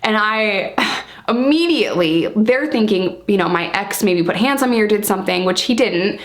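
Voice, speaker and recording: A woman vlogger telling a personal story to the camera in a casual, blunt way, swearing freely and often calling the viewers "you guys.". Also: mid-range voice. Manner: lively, speeds up and slows down for emphasis.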